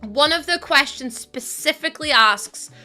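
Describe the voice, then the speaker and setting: A woman with a Northern Irish accent chatting fast with her stream audience, tired and laughing often. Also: high voice, animated, pushed and bright, faint music behind. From Northern Ireland. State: tired from lack of sleep. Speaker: live streamer. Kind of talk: casual chat with a stream audience.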